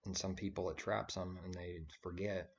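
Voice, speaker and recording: A man's voice: sits low, flat delivery, moderate pace, gravelly. A man giving an informal spoken sermon, rambling and conversational, with frequent fillers and restarts. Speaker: preacher. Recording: dull lo-fi recording.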